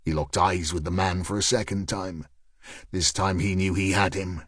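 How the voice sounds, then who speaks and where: A man reading an audiobook in a steady, measured storytelling manner on a close studio mic. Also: deep voice, no echo. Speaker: audiobook narrator. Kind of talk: scripted narration.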